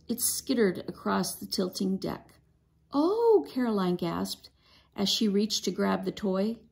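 Gravelly-voiced woman reading a storybook. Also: mid-range voice. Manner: expressive storytelling, occasional stumbles. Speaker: storybook reader. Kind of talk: reading a children's novel aloud.

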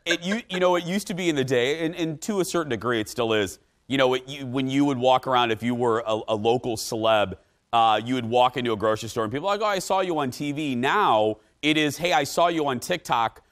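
Lively man hosting a talk show. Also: medium pitch, fast talker.

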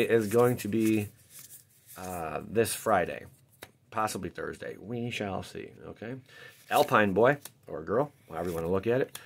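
A man hosting his channel, chatting casually while opening card packs, rambling and jokey with sudden excited outbursts. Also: mid-range voice, slight background noise.

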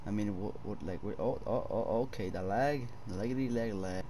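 A man's voice: lowish voice, normal speed, warm tone, slight background noise. A young man commenting on a horror game for viewers, swearing a lot, jumpy, and addressing them as boys. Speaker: gaming streamer.

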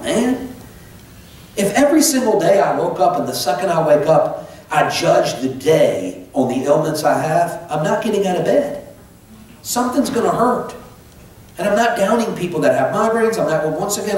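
A man's voice: fairly high pitch, a little hiss or hum. A middle-aged male pastor preaching a conversational sermon, full of restarts and asides. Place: church sanctuary. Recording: echoey church from far off.

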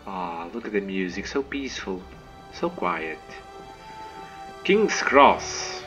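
A man giving chatty, excitable gameplay commentary as a let's play host, humming little tunes to himself as he goes. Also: fairly low pitch, takes it slowly, creaky, highs cut off, faint music behind.

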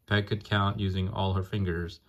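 A man's voice: sits low, flat delivery, normal speed, fairly bright tone, dull audio, slight background noise. A man reading a picture book aloud to a child in a playful way, singing the rhymes and stopping to chat and ask questions. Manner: playful, sings the rhymes, chats and asks questions between pages.

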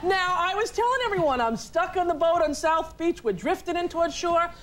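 A woman's voice: very high voice, animated, fairly quick, fairly bright tone, slight background noise. A woman hosting a studio talk show, chatting playfully with guests and laughing as she talks. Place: television studio with audience. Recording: broadcast studio with band music and audience.

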